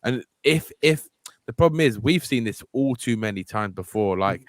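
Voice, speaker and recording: A man's voice: mid-range voice, lively intonation, normal speed, dry recording. A man co-hosting a casual football podcast, easygoing and thinking aloud. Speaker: podcast co-host. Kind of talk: casual fan podcast chat.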